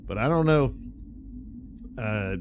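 A man's voice: mid-range voice, animated, slow, a little hiss or hum. A man giving a casual, rambling film review, full of fillers, chuckles and sarcastic asides. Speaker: movie reviewer.

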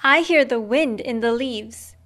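Slow, high-voiced woman reading a picture book. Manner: slow, gentle reading with sound effects. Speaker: storyteller. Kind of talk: children's picture book read-aloud.

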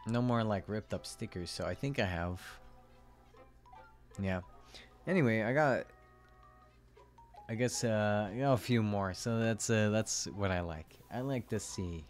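A man casually talking through a horror game as a streamer, relaxed and chatty. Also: lowish voice, measured pace, long pauses, faint music behind. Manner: relaxed, chatty, with light laughs. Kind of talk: casual gaming commentary.

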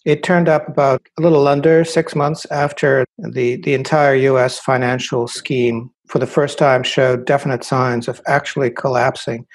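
Husky-voiced guest, dry and deliberate. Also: male voice, medium pitch, little pitch movement. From Russia. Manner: deliberate, analytical, dry irony. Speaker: guest writer. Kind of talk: interview answers.

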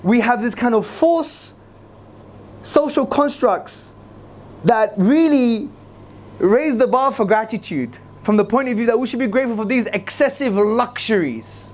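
A man giving an energetic religious lecture to a live audience, repeating key phrases for emphasis. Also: unhurried. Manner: swings between loud high emphasis and low asides. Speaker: Islamic lecturer.

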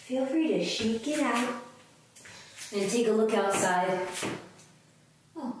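Taking it slowly, this kids' yoga teacher has an animated voice on the high side. She guides the children's lesson in a playful, sing-song way and makes animal sounds along with them, recorded distantly in an echoey space with faint background noise.

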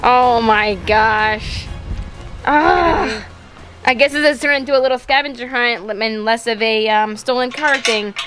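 Young woman vlogger, high and chatty, talks straight to viewers. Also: unhurried, fairly bright tone, faint music behind. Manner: chatty, giggly, addresses viewers. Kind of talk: casual vlog chat. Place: outdoors at a park.

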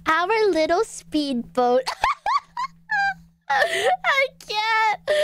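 A woman's voice: very high-pitched, sing-song, drawn-out words, background noise. A young woman streamer telling a crude story in a casual chat, giggling through it.

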